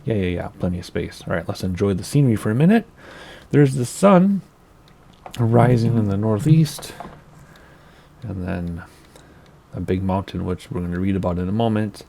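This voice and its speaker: Gravelly, mellow-voiced gaming host. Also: male voice, lowish voice, normal speed, pauses often, a little hiss or hum. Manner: relaxed, chatty, thinking aloud with small laughs. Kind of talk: casual flight sim let's-play commentary.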